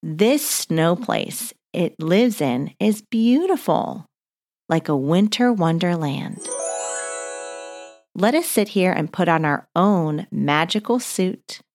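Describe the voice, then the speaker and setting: A gentle woman with a lower voice guides children through a mindfulness story and breathing exercises. She speaks very slowly and calmly, like she is leading a family exercise. Faint music plays behind her. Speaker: host of children's mindfulness podcast.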